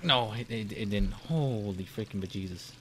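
A man's voice: fairly low pitch, moderate pace, fairly bright tone, slight background noise. A young man giving casual let's-play commentary, jumpy and profane, rambling through his reactions. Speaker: gamer.

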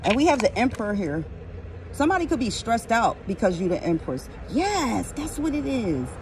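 A woman's voice: fairly high pitch, very animated, normal speed, noisy background. A woman giving a casual tarot reading outdoors, blunt, profane and emphatic. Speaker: tarot reader.

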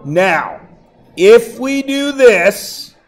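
A man's voice: very high voice, lively intonation, drawn-out words. A male math teacher lecturing a class, joking and often checking that everyone follows. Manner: jokey, keeps checking in with the class.

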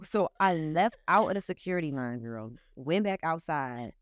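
Animated young woman telling a wild story. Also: normal speed, few pauses, dry recording, studio quality. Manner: animated, profane, swings into high excited outbursts. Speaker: guest artist. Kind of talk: casual storytelling in an interview.

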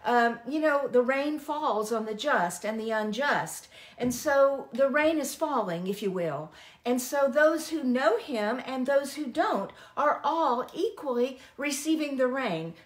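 A woman with a fairly high, very lively voice talks earnestly about faith to her listeners. Her delivery is conversational and warm in its address to friends. The recording has a roomy echo. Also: a little slow. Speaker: poet and spiritual director. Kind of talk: conversational devotional talk.

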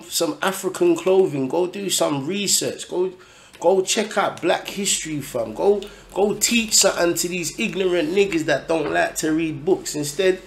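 A man's voice: high-pitched, creaky. A man giving blunt, profane, exasperated reaction commentary on a video.

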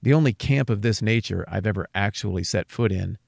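A man with a low, gravelly voice talks in a casual podcast conversation. He is earnest and measured, with some dry wit. The sound is close and dry. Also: darkish tone, no room sound. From Wyoming, USA. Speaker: podcast co-host.

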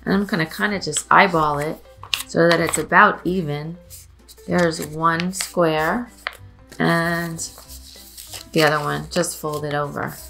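A woman reads a story aloud to young children and then walks them through a craft, gentle and patient. Her voice is lowish with a gravelly edge. Soft music plays faintly behind her. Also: fairly even intonation, takes it slowly, long pauses. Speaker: museum storyteller and craft presenter.

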